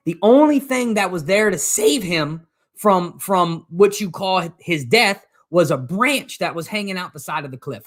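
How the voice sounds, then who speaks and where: A man's voice: fairly high pitch, fairly bright tone. A man giving an earnest, emphatic motivational talk to viewers of a live stream. He leans on repetition and speaks directly to his audience. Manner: earnest and emphatic, repeats phrases. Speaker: motivational coach.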